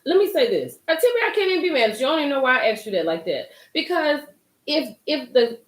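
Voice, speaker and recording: A young woman hosting a live recap chat, animated and excitable, talking straight to her viewers by name. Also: high voice, fast talker, reverberant. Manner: animated, gets hyped and loud, talks to chat by name. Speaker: livestream host recapping a reality show.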